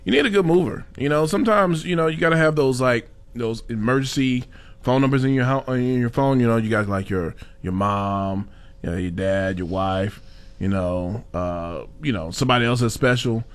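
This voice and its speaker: A show host with a medium-pitched voice and moderate pace reads a sponsor spot on his casual talk show. Around it he rambles, piling on fillers and chuckles.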